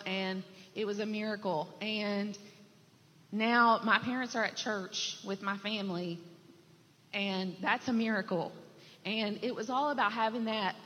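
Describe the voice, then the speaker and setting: A woman's voice: mid-range voice, fairly bright tone. A woman sharing a heartfelt, reflective church testimony with fillers. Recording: dull sound with long hall reverb and faint noise.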